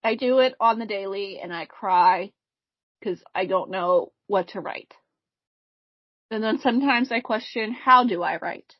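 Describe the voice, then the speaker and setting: Among friends on a podcast, a woman co-host tells a haunting case, reading it in a measured, casual way and now and then breaking into laughter. Her pitch is medium, with no room sound. The podcast mic sounds dull and slightly lo-fi.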